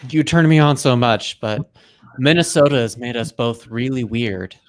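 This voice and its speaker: A man's voice: mid-range voice, moderate pace, close to an everyday voice. A man playing a bemused husband in an improvised comedy scene, teasing his partner in a dry, mostly plain voice.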